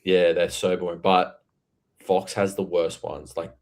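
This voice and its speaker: A man's voice: sits low, flat delivery, a little slow, vocal fry. A young Australian man co-hosting a sports podcast, talking bluntly with plenty of swearing. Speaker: podcast co-host. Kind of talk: casual chat.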